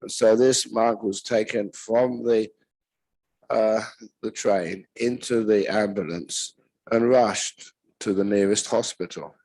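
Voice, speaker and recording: A man, a Buddhist monk teacher, giving a retreat talk with gentle, unhurried storytelling and pauses. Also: on the low side, fairly even intonation, no echo, rough recording.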